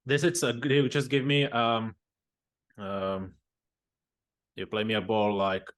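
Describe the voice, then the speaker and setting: A man hosting a casual interview, halting and searching for his words. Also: on the low side. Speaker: podcast host.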